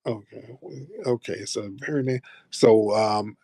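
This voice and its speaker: A man's voice: lowish voice, steady tone, takes it slowly, warm tone, husky, no echo, studio quality. A man hosting an online audio show, chatting loosely and playfully with plenty of swearing. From United States. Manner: loose, profane, playful banter. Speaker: host. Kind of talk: casual chat.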